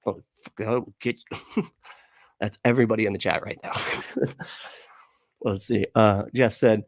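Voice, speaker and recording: Laid-back swearing man, low voice. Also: steady tone, slow pace, dry recording. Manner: rambling, laughs often, swears casually. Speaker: livestream host reading chat. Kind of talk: casual livestream chat.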